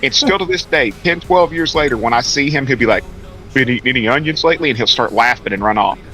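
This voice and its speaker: A man telling a long, animated story on a casual game stream, swearing freely. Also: mid-range voice, brisk, faint music behind, poor audio. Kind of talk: casual gaming chat storytelling.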